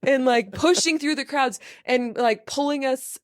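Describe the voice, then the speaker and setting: A woman in her thirties hosting a podcast, telling a story in a relaxed, animated way and laughing often. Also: sits high, unhurried. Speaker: podcast host. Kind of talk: casual storytelling chat.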